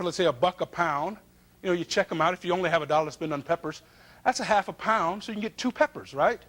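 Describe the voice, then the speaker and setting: Male cooking host, folksy and excited, higher pitched voice. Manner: folksy, enthusiastic, addresses viewers directly. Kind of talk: upbeat cooking show presenting.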